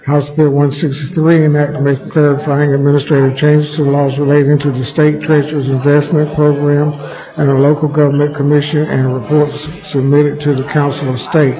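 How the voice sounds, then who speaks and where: A man serving as reading clerk, reading bill titles in a steady, formal, monotone way. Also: a little high, brisk. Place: legislative chamber. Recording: dull chamber audio with crowd murmur.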